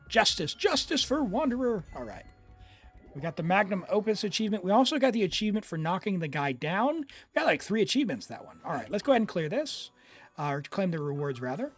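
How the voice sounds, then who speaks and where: A fairly high-voiced man streaming gameplay, excitable and chatty as he talks to his characters. His pitch jumps around constantly. Faint game music runs underneath. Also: fast talker. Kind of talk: live gameplay commentary.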